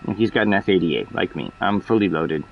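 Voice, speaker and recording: A man's voice: low-pitched, animated, a little fast, gravelly, phone-quality sound, slight background noise. A man giving rambling, profane commentary while playing a flight game. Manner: rambling, profane, explains as he plays. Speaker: gameplay streamer. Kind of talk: casual gameplay commentary.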